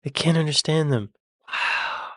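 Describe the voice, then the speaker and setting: A man's voice: fairly high pitch, a little slow, pushed and bright, dry recording, clean studio sound. An American man hosting a reaction channel, thinking aloud and asking puzzled questions in casual commentary. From United States.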